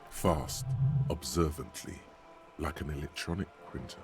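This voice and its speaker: An actor playing a commanding inner-voice narrator in a video game, delivering authoritative judgments. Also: male voice, a bass voice, unhurried, faint music behind.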